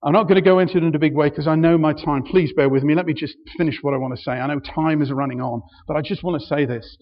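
A man with a fairly high voice preaches in a church, earnest and building in emphasis as he goes. The recording is dull and muffled. A long reverb hangs after his words. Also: steady tone, fast. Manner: earnest, with frequent restarts and rising emphasis. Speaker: pastor. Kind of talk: sermon. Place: church hall.

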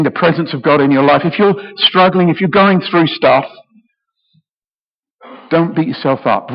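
A middle-aged British man preaching a sermon, emotional and passionate, often repeating words as he goes. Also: fairly high pitch. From Britain. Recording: echoey hall, dull sound.

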